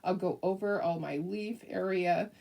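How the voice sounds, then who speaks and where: A woman's voice: fairly low pitch, a little slow, creaky, warm tone, distant mic, a little hiss or hum. A middle-aged woman hosting a casual live craft tutorial, chatty and rambling, with lots of fillers and frequent laughs. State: hiccups.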